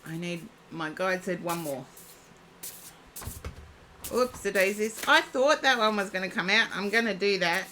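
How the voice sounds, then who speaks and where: A woman's voice: medium pitch, expressive, a little slow, long pauses, bright, forceful tone, a little hiss or hum. A woman giving a live-streamed oracle card reading, chatting and thinking aloud as she reads. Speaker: psychic card reader.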